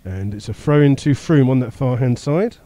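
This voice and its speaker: A man's voice: mid-range voice, animated, moderate pace, dark tone, no echo. A man giving live radio commentary on a football match, rattling off play-by-play with the odd filler and chuckle. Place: stadium commentary position.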